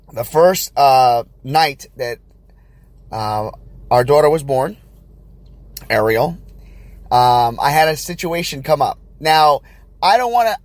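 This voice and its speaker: Chatty storytelling man, fairly high voice. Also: dry recording. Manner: chatty, rambling storyteller with many fillers and restarts; acts out the voices of people in his story. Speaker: podcast host and new father. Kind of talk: casual storytelling podcast.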